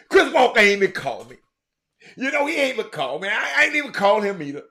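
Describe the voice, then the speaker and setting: Man, livestream host, lively high voice, chatty, shouts out viewers. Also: quick pace, gravelly. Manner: animated, shouts out viewers by name, drifts off-mic. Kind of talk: casual livestream chat, reading viewer comments.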